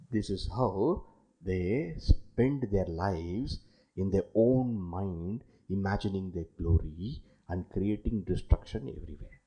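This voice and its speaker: A man giving a dramatic, animated discourse on scripture as a spiritual teacher. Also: deep voice, takes it slowly, breathy edge.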